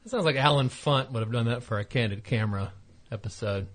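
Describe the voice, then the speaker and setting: Man tossing in deadpan quips. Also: mid-range voice, quick pace. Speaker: studio guest. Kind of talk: casual comedy talk.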